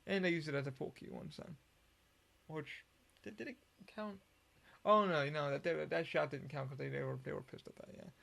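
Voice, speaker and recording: A man's voice: a little high, brisk, vocal fry, fairly bright tone. A man hosting a solo podcast, rambling casually with lots of profanity and frequent restarts. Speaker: podcast host.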